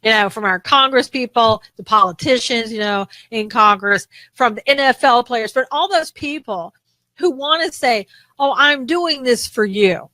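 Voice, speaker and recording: A woman co-host talks politics in an animated, indignant rush, often restarting her sentences. Her voice sits a little high and sounds bright and forceful. The recording is dry and close. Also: moderate pace, dry recording, rough recording. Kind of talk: casual political talk show chat.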